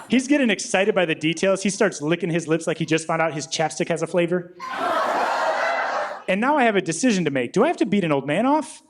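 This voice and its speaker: A man in his thirties doing a deadpan stand-up set on a club stage into a handheld mic. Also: high voice, quick pace, very noisy. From Illinois. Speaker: stand-up comedian.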